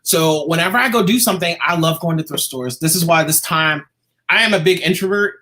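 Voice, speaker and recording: A man, a guest artist in an interview, telling a personal story in a lively, casual way. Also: a little high, brisk. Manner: animated, acts out quoted voices.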